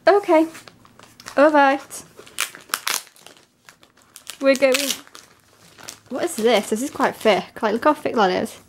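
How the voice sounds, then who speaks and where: Excitable woman, high and unhurried. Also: slight background noise. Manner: gushing and excitable, full of filler words. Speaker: vlogger. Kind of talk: casual unboxing vlog.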